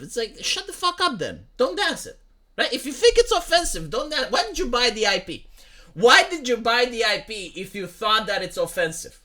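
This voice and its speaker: A man's voice: very high voice, big pitch swings, moderate pace, sharp tone. A young man ranting in profane, heated commentary, often repeating "like" and "right?". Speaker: commentary streamer.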